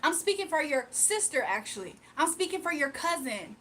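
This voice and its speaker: Ranting heatedly on her livestream, a young woman addresses her chat directly and drives the same points home again and again. The pitch is high and very animated at a normal speed, slightly bright, with a little hiss or hum audible.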